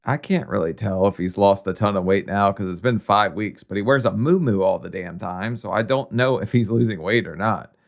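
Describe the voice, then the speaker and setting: Brief: male reaction host, low gravelly voice, blunt teasing asides. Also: normal speed, few pauses. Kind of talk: casual commentary.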